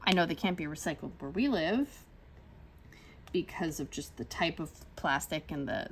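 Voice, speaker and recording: A woman in her thirties chatting casually in a rambling, animated way while she crafts, with lots of fillers. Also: deep voice, normal speed, slight background noise. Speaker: crafting channel host.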